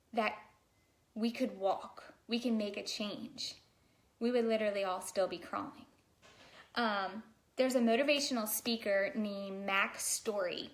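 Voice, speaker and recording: Chatty, fairly high-voiced woman vlogger. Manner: chatty, fillers like "like", addresses viewers directly. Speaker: vlogger and daycare provider. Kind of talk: casual motivational talk to camera.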